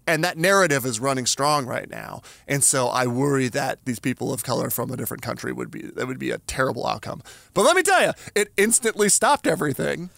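A man on a podcast, telling a story in casual chat and swinging widely in pitch as he acts out each voice. His delivery is emphatic and animated, and he sounds dry and close to the mic with no room around him. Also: fairly quick, gravelly, dry recording. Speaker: podcast co-host.

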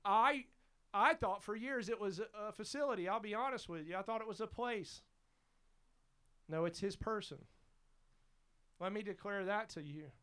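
A man's voice: high voice, moderate pace, pauses often, bright, forceful tone, smooth. A man preaching a sermon as pastor, fervent and emphatic, repeating his exhortations.

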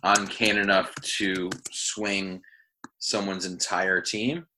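A man with a fairly low voice and a New England accent hosts a casual sports podcast. He talks in a jokey, hesitant way and keeps firing questions at his co-hosts. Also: little pitch movement, slow, background noise. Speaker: podcast host.

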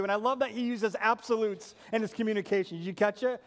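Brief: male pastor, high voice, earnest emphatic sermon, rhetorical questions, long hall reverb. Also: fast.

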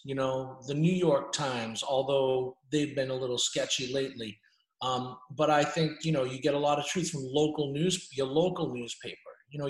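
A man's voice: mid-range voice, echoey room, poor audio. A middle-aged man, a journalist talking bluntly on a casual podcast interview, often restarting his sentences. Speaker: journalist guest.

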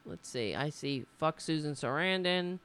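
A woman's voice: low-pitched, lively intonation, measured pace, a bit bright, clear, resonant tone. A woman hosting a casual political livestream, talking in a rambling, indignant way with frequent restarts. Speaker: livestream host.

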